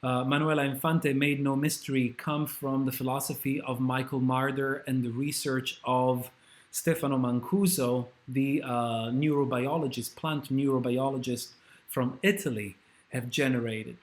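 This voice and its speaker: A man's voice: medium pitch, fairly even intonation, normal speed. A man giving an academic talk, enthusiastic and hesitating with fillers. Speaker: scholar and speaker.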